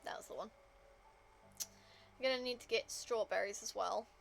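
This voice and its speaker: A woman's voice: a little high, moderate pace, gravelly, soft background music. A woman game streamer chatting casually to her viewers, rambling with lots of fillers.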